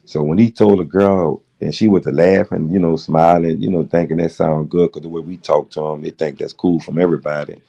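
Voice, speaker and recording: A middle-aged man rants through a late-night livestream, his voice deep and dark. He rambles from one point to the next and swears freely as he tells his story. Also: steady tone, brisk, gravelly, few pauses. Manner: rambling, profane, heated storytelling. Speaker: livestream host.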